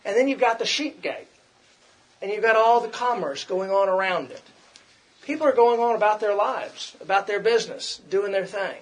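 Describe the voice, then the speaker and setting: A man's voice: sits high, normal speed. A middle-aged man preaching a conversational sermon, repeating himself and acting out quoted complaints.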